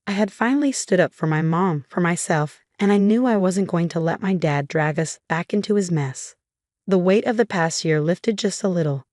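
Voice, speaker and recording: Low-voiced young woman narrating a story. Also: dry recording, clean studio sound. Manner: steady, dramatic storytelling. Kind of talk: scripted first-person story narration.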